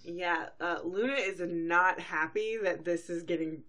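A woman hosts a podcast and recaps a cartoon episode in casual, rambling talk. Her voice sits a little low, and she sprinkles in fillers and quick character quotes. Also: a bit bright. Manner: chatty, full of fillers, briefly acts out characters. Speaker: podcast host.

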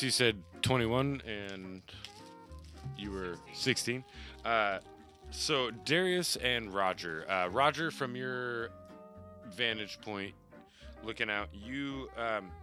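A man narrating a tabletop game as game master, halting with many fillers. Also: medium pitch, expressive, bright, forceful tone, soft background music.

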